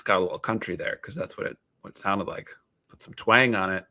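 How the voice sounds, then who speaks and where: A man in his thirties talks loosely to camera, restarting sentences and dropping dry, wry asides. His voice sits on the low side. The sound is close and dry, with no room around it. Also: brisk, sharp tone, no echo. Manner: conversational, frequent fillers and restarts, wry asides. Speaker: therapist and video host. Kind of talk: casual talking-head commentary.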